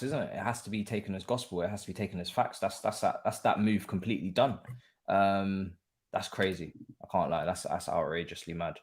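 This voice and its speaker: A man, a guest pundit in casual football chat, animated and repeating phrases with frequent ums. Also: deep voice.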